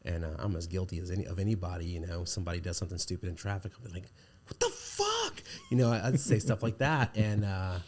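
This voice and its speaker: Deep-voiced man chatting casually. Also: fairly even intonation, fast talker, few pauses, darkish tone. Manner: rambling, with many restarts and fillers. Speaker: podcast guest. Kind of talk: casual conversation.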